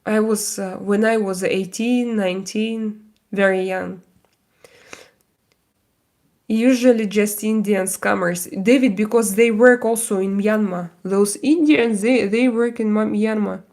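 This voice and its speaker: A woman hosts a casual livestream from home while doing her makeup, chatting loosely with viewers. Her talk rambles with many fillers and restarts, and she slips into mock-Spanish bits. Her mid-range voice is steady, a little mellow, and measured in pace.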